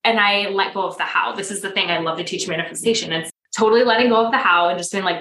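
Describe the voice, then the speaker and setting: A woman in her thirties talks as a podcast guest, a coach who brings her stories to life by acting out what people said. Her voice is bright and forward. The room around her gives a noticeable echo. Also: mid-range voice, fast. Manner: animated storyteller, acts out quoted dialogue. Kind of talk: casual podcast interview.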